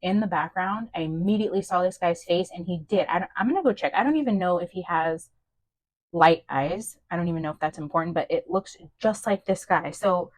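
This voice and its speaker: Chatty low-voiced woman doing a tarot reading. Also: brisk, rough recording. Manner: chatty, self-doubting, excitable. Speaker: tarot reader and medium. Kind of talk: casual channeled-message reading.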